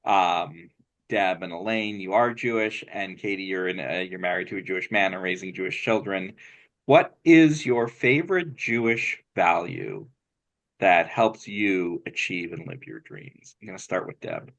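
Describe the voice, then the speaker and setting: A man hosting an interview who asks his questions in a soft, hesitant way. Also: low voice, animated, a little slow. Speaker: interviewer for a storytelling theater company.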